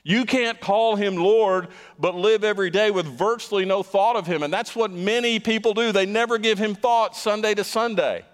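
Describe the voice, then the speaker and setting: A man's voice: sits high, a little fast, few pauses, clear, resonant tone, big-room sound. A man preaching a sermon as pastor, emphatic and stressing points by repeating words.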